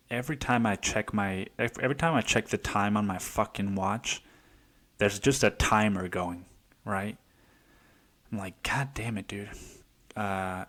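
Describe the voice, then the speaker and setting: Man, 20s, solo podcast host, low-pitched, casual, rambling, lots of swearing, restarts and fillers. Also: fairly bright tone.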